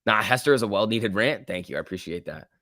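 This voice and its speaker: Ranting stock-stream host, dry sound. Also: male voice, on the low side, expressive, quick pace, bright, forceful tone, dry recording. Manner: ranting, blunt, frequent filler words. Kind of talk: casual live stream chat reading viewer comments.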